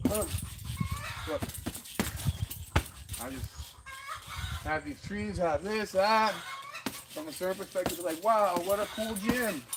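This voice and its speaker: A man's voice: on the high side, very noisy. A man talking loosely through a boxing workout in an outdoor yard gym, breathing hard, swearing and laughing as he rambles. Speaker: fitness vlogger. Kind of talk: casual rambling talk during a workout. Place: outdoor home gym under trees on rural land. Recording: loud outdoor background with roosters and dogs.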